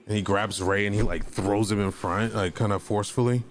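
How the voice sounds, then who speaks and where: A man's voice: lowish voice, steady tone, a little fast, hardly any pauses, faint music behind. A man playing in a tabletop game, casually describing what his character does. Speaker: player.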